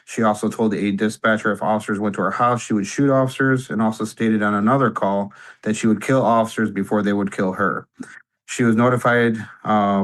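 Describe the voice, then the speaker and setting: Flat, low-voiced male detective. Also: poor audio. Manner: flat, procedural reading of facts. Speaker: police detective. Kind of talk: sworn testimony.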